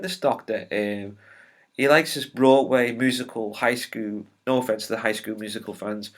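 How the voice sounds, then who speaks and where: A man giving a casual spoiler review of a TV episode, rambling and opinionated, with many filler ums and restarts. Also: medium pitch. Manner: opinionated and exasperated.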